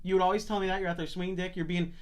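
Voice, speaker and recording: A man's voice: sits high, flat delivery, rapid-fire. A young man hosting a casual podcast, telling a rambling story with plenty of swearing. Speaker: podcast host.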